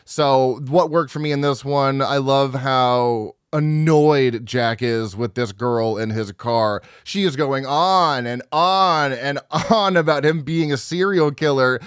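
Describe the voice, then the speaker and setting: Man, podcast co-host, casual movie chat, animated, swears freely, dry close sound. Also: medium pitch, slow pace, hardly any pauses, clean tone, dry recording. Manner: animated, profane, laughs often.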